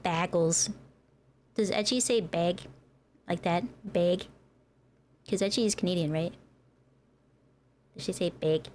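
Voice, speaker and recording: A woman's voice: on the low side, normal speed, long pauses, a little mellow, a little hiss or hum. An American woman who streams as a VTuber, chatting casually with her viewers and laughing often. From United States. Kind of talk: casual livestream chat.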